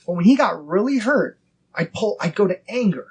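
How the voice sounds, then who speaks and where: A man in his thirties hosting a casual faith podcast, earnest and acting out inner dialogue in quick quoted bits. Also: high-pitched, expressive, breathy edge. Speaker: podcast host.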